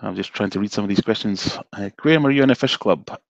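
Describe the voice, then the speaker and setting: Deep-voiced Scottish man chatting on a stream. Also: fast, creaky, no room sound, muffled recording. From Scotland, south of Glasgow. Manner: relaxed, chatty, self-deprecating. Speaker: guest fishkeeper. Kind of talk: live stream chat. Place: home office. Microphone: video call.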